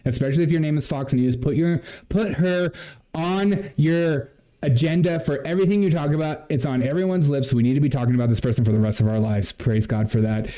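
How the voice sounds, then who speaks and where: A livestream host with a fairly high, warm voice talks briskly to viewers on a comedy stream. His commentary is sarcastic, mocking, laughing and chatty.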